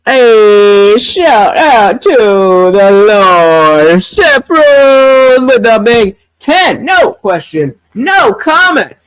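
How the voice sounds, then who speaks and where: Loud, mocking male livestream host. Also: high voice, big pitch swings, very slow, hardly any pauses, clear, resonant tone, no room sound. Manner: mocking, profane, swings from muttering to loud outbursts. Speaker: livestream host reacting to a debate. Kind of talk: livestream reaction commentary.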